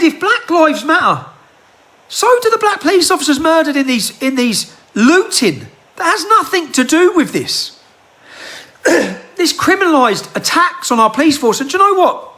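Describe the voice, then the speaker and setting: A man's voice: very high voice, sharp tone. A man, delivering a heated rant full of rhetorical questions into a handheld phone. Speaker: political commentator. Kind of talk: impassioned monologue to camera.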